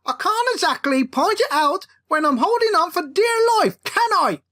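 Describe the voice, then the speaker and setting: A woman voicing a short, panicky young man, a self-important small-time businessman who yells in shrill, frantic cries. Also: big pitch swings, normal speed, exaggerated voice. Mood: panicked.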